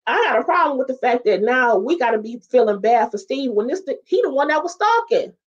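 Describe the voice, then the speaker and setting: A woman's voice: high-pitched, a little fast, lo-fi sound. A woman hosting a casual livestream about sitcoms, chatting straight to viewers. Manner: animated, chatty, talks straight to viewers with "y'all" and "child". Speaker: host of a sitcom talk show.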